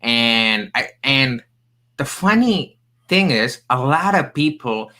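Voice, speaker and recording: Bright-voiced man telling stories, accented. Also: medium pitch, slow, low-quality recording. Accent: non-native English accent. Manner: animated, emphatic storyteller with jokey asides. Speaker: podcast guest, career coach. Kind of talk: storytelling in a casual interview.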